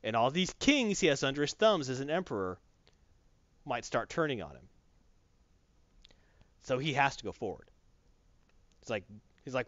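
A man's voice: mid-range voice, no room sound. A man casually retelling a story, acting out the characters' lines as he goes, on a dry lo-fi recording. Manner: animated, acts out characters' lines in quick voices. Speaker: storyteller recapping a show. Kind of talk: casual retelling with acted quotes.

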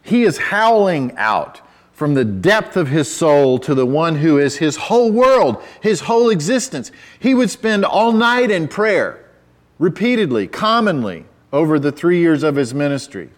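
A man preaching a sermon in a conversational way, with self-deprecating asides and restarts, who rises to loud, emphatic cries when quoting scripture. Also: a little high, big pitch swings, measured pace. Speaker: pastor.

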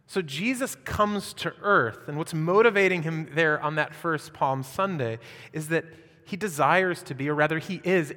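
A male pastor preaches with lively energy, reading scripture and then pressing the congregation with questions. His voice sits a little high for a man. The sound trails off into the long reverb of a church hall. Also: moderate pace. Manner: animated preaching with rhetorical questions. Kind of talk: sermon.

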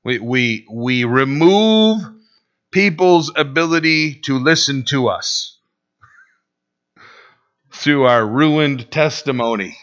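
A male pastor preaching a sermon, swinging between loud and hushed delivery and acting out quotes. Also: medium pitch, animated, slow, long pauses, muffled recording.

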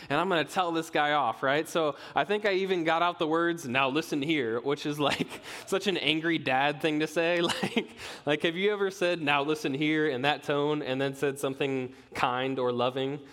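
A man's voice: fairly high pitch, fairly even intonation, normal speed, few pauses, a bit bright. A young man, a pastoral resident, preaching a sermon with conversational storytelling and self-deprecating humor. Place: church sanctuary. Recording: long reverb of a church hall.

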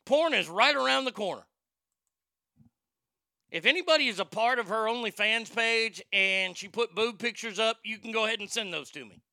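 Rambling and swearing, a man hosts a talk-show-style podcast, restarting sentences mid-thought in casual opinionated chat. He sits high for a male voice, with a gravelly fry, a very bright, forceful tone, lively intonation and a moderate pace. Close, dry recording, no room sound.

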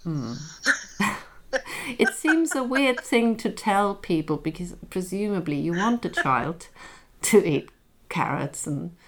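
A woman's voice: on the low side, lively intonation, slow pace. A woman chatting casually as a co-host, thoughtful and a little hesitant, telling stories at length. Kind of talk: casual chat.

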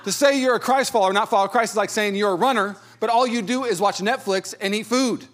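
A pastor in his thirties preaching a sermon with a fairly high, light voice. He talks in a conversational, storytelling way and pokes fun at himself. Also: fast, a bit bright. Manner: conversational, storytelling with self-deprecating humor.

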